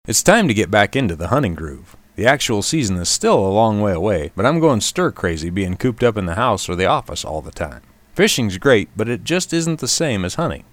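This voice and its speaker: A man's voice: on the low side, very animated, fairly quick, no echo. A man hosting a short outdoors radio segment, reading a scripted commentary in a wry, self-deprecating way.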